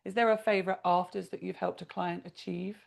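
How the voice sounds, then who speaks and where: A woman's voice: lowish voice, steady tone, fairly quick, gravelly. A woman hosting a podcast who asks probing, encouraging questions. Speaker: podcast host. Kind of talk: podcast interview.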